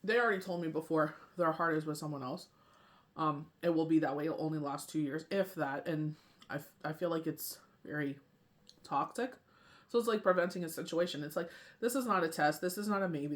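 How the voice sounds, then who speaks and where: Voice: mid-range voice, brisk. A tarot reader and medium in a casual spiritual talk, rambling and often asking "you know what I mean".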